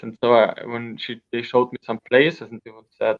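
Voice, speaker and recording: Gravelly man telling wild stories. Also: mid-range voice, moderate pace, hardly any pauses. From Austria. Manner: rambling, animated storyteller with frequent restarts. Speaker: guest. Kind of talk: storytelling in an interview. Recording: dull lo-fi sound.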